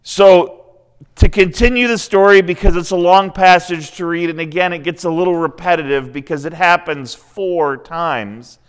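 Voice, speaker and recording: A man preaching a sermon in a slightly higher-than-usual voice. His tone is smooth and resonant, and he retells the story casually, breaking off for his own comments. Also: steady tone, moderate pace. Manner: conversational, retells scripture with asides.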